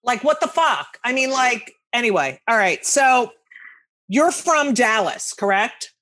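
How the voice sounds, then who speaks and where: A woman's voice: on the high side, very animated, unhurried, fairly bright tone. A woman hosting a podcast interview, talking bluntly and teasingly, with frequent swearing. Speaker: podcast host. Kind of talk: casual interview chat.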